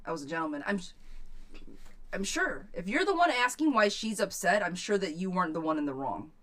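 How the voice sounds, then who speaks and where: A woman's voice: on the low side, big pitch swings, brisk, a bit bright. A woman giving a live-stream tarot reading. She reads viewers' questions aloud and answers them bluntly, swearing freely. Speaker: tarot reader.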